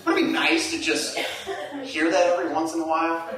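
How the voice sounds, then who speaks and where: Man preaching in an echoey hall. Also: fairly quick. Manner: animated, rising to high emphatic peaks and dropping to hushed asides. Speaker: pastor. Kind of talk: sermon. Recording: echoey hall, distant mic.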